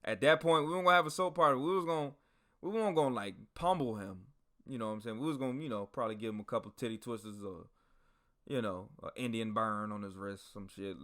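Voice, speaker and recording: A man hosting a podcast, telling a story in a casual, animated, slangy and profane way. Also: medium pitch, fast talker. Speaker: podcast host.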